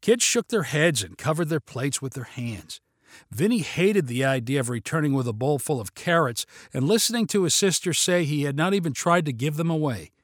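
An animated man reading a story aloud, his pitch lifting and dipping with each scene. His voice is a touch high for a man and recorded dry and close, with no room sound. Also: moderate pace, no room sound. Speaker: narrator. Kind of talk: storybook narration.

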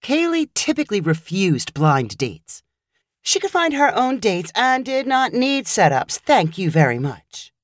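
A woman narrating a short story in a wry, expressive storytelling manner. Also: medium pitch, unhurried, no room sound, clean studio sound.

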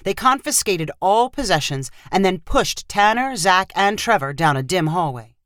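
A woman narrating a short fiction story with steady, expressive storytelling. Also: lowish voice, normal speed, dry recording, clean studio sound.

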